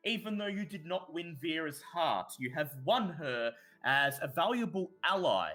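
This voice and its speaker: A man narrating a tabletop horror game as game master, telling the scene in an animated way with hesitations. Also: a little high, moderate pace, soft background music.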